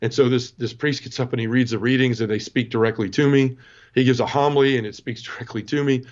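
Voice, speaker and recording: A man in his forties tells his conversion story as a podcast guest, earnest and emotional, often breaking off and restarting. He talks quickly at a middling pitch. The recording sounds dull and lo-fi. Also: fairly even intonation. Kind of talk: personal testimony storytelling.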